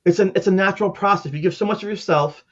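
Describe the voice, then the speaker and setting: A man around sixty, once a caseworker and teacher, races through emotional personal stories in a high-pitched voice during an interview. He's earnest and heartfelt and acts out the people in his stories, and the recording sounds dull and lo-fi.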